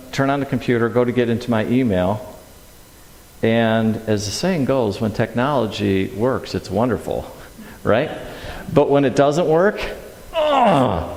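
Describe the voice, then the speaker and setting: A middle-aged man giving a sermon in a church, telling a personal story in an animated way and acting out his own reactions. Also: mid-range voice. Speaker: speaker at a church service. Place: large church hall. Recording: echoey hall with long reverb.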